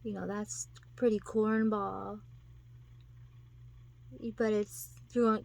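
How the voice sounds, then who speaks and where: A woman's voice: medium pitch, little pitch movement, slow, vocal fry, long pauses, darkish tone, no echo. A woman talking casually to her viewers, rambling and giggling, acting out quotes in put-on voices. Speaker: vlogger. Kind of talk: casual monologue to camera.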